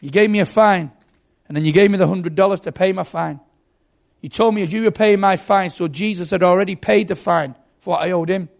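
A man preaching in a creaky voice, voicing a grateful young woman telling how her life changed. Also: high-pitched, brisk. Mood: earnest recounting. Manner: earnest, storytelling. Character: young woman, once furious, now grateful convert.

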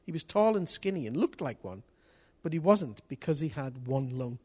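A man preaching a sermon in a church, telling a story with energy, rising to excited shouts and dropping to near whispers. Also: a little high, normal speed, husky. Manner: swings from hushed to excited shouting; lively storyteller with local place names and slang.

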